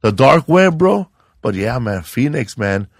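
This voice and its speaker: A man's voice: mid-range voice, sing-song, a little slow, gravelly, dry recording, clean studio sound. A man hosting a podcast, rambling in crude banter and saying bro a lot. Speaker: podcast host.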